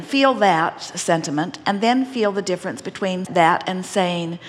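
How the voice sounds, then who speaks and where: A woman giving an inspirational seminar talk to a live audience, speaking as a collective "we" in a deliberate, gently teasing manner. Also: fairly low pitch, expressive. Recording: long hall reverb.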